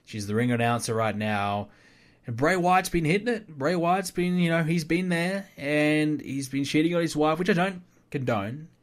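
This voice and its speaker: A man's voice: fairly high pitch, moderate pace. A man hosting a solo podcast, giving casual, opinionated commentary that rambles with fillers and restarts. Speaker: podcast host.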